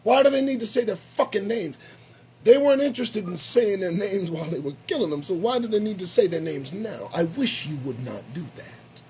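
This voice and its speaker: A man hosting his own show delivers profane, sarcastic commentary on the news. His voice is high-pitched and fairly quick, and he's animated, swearing freely.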